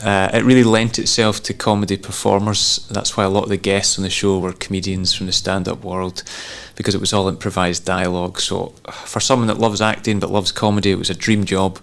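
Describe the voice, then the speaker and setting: A Scottish man in at least his thirties, a comedian giving a relaxed interview, easygoing and self-deprecating with frequent chuckles. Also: sits low, fairly quick, gravelly, hardly any pauses. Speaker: comedian and actor guest.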